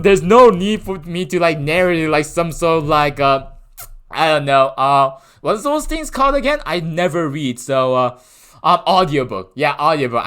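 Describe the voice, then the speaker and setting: A man's voice: high voice, fairly bright tone. A man streaming live, chatting with his viewers in a playful, rambling way and laughing often. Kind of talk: casual live-stream chat.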